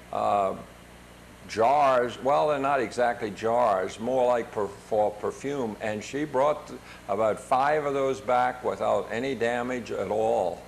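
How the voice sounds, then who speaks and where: Older man narrating travel slides haltingly. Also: mid-range voice, gravelly, a little hiss or hum. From United States. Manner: hesitant, many fillers and restarts. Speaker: travel show host narrating photos. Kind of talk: casual narration over travel photos.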